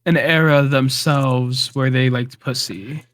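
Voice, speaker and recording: A man's voice: medium pitch, fairly even intonation, slow pace, dry recording, clean studio sound. A young man co-hosting a podcast, chatting casually with blunt, crude asides. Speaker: podcast co-host. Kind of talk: casual chat.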